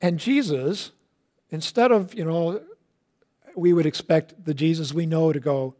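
A preacher with a fairly high voice tells a story in his sermon. He moves between emphatic, louder passages and soft, hushed ones, and mixes in casual, folksy asides. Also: a little slow. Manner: animated storytelling with big swings from loud to hushed; colloquial asides.

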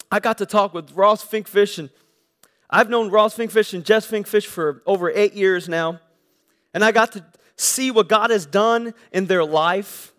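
A man's voice: extremely high pitch, fairly bright tone. A man preaching a sermon in a church service, earnest and conversational, often restarting and repeating words as he talks. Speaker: pastor. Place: church sanctuary during a service.

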